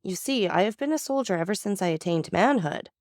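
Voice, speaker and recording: A woman's voice: medium pitch, lively intonation, brisk, darkish tone, no echo, clean studio sound, close to an everyday voice. A woman voicing a young man in despairing grief in a storybook reading, her delivery anguished and pleading.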